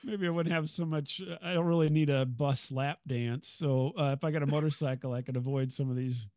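A man's voice: fairly high pitch, steady tone, a little fast, darkish tone, dry recording. Joking man, dry close sound. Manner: jokey, hesitant, trails off with fillers. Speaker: podcast guest. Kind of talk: casual chat.

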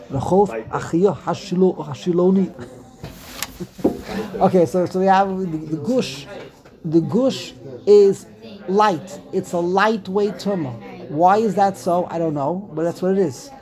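A man's voice: a little high, vocal fry, warm tone. A man teaching a casual Talmud lesson, reading passages aloud and translating them with wry asides and chuckles.

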